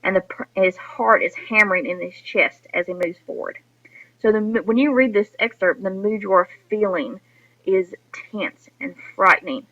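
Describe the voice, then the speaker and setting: A woman's voice: mid-range voice, normal speed. A woman teacher giving a recorded lesson to her students, explaining patiently and speaking to them directly. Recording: dull lo-fi recording.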